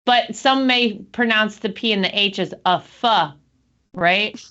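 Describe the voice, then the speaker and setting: A woman's voice: medium pitch, a little slow, sharp tone, highs cut off. A woman hosting a casual chat show, talking in an upbeat, chatty way. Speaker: host.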